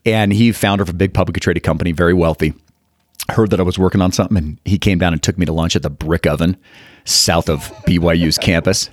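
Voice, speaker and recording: A man in his fifties from Utah, telling animated stories as a guest in an interview and acting out the people in them. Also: low-pitched, fast, dry recording. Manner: animated, acts out quotes in the story. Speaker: guest, fund manager. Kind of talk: storytelling interview.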